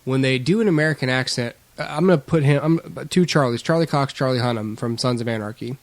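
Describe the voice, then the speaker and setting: A man co-hosting a podcast in casual chat, rambling and animated, given to mimicking actors. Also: medium pitch, fast, no room sound. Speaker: podcast co-host.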